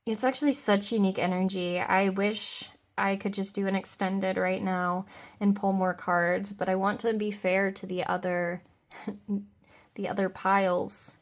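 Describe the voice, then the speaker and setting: Woman reading tarot piles for viewers, dreamy and rambly, gets excited, little laughs. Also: medium pitch, unhurried. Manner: dreamy, meandering, enthusiastic, with soft laughs. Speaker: tarot card reader. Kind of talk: pick-a-card tarot reading.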